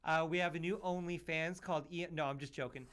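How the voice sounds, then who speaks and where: A man's voice: a little high, steady tone, fairly quick, fairly bright tone. A man from Utah hosting a podcast, chatting casually in an upbeat, joking way, full of "man" and "dude". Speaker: podcast host.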